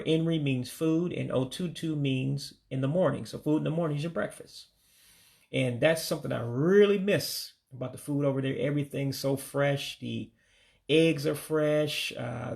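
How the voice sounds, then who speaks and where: An American man giving a casual vocabulary lesson, saying each word slowly, repeating it, then giving its English meaning. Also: a little high, vocal fry, a little mellow. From United States. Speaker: language learner teaching vocabulary.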